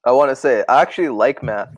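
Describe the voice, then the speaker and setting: A man's voice: mid-range voice, fast, dry recording. A young man co-hosting a podcast, chatting casually, joking and swearing. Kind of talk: casual chat.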